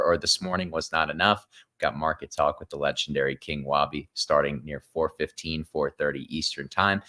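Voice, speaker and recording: A man's voice: a bass voice, fairly even intonation, normal speed, pushed and bright. A man co-hosting a market livestream, giving a casual, friendly sign-off full of fillers. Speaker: co-host.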